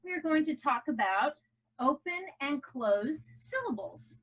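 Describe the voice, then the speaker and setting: Woman ESL teacher, bright fairly high voice, encouraging, drawn-out vowels for young learners. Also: lively intonation, husky, poor audio. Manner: warm encouraging teacher, exaggerated stressed vowels. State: out of breath after jumping jacks. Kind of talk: recorded classroom lesson for children.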